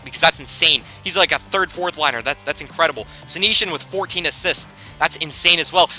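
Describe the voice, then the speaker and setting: A young man giving casual commentary on a hockey video game, excitable and self-deprecating, rambling and restarting his sentences. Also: on the high side. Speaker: gaming YouTuber.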